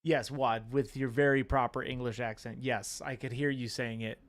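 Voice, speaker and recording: A man's voice: mid-range voice, fairly even intonation, moderate pace. A man co-hosting a casual livestream, joking around and reading viewer comments aloud. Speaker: co-host reading chat.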